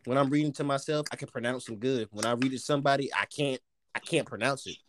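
A man's voice: mid-range voice, fast, noisy background. A man co-hosting a casual comedy podcast, joking and swearing as he stumbles through reading news stories aloud.

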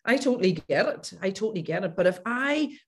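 A woman's voice: mid-range voice, expressive, fast, husky. A woman coach, a podcast guest telling her own stories with animation and acting out past conversations. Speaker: guest, coach who works with clients. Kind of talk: podcast interview storytelling.

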